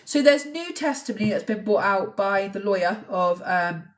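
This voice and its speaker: A woman's voice: medium pitch, expressive, normal speed. A woman hosting a true crime livestream, talking to viewers in a conversational, hesitant way with restarts and asides. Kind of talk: casual livestream commentary. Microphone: phone on a live stream. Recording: voice a little away from the mic.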